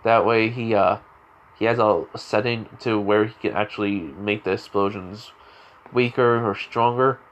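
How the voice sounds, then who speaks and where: A man's voice: fairly low pitch, fairly even intonation, measured pace, a bit bright, lo-fi sound. A man casually telling a spoken fan story, rambling with lots of fillers. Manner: rambling, heavy use of "you know" and "like" fillers.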